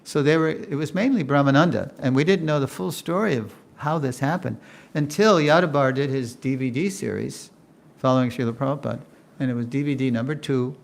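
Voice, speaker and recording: Gravelly older man telling a story. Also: mid-range voice, fairly quick. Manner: animated storytelling, acts out quotes, laughs often. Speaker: lecturer. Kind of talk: storytelling lecture.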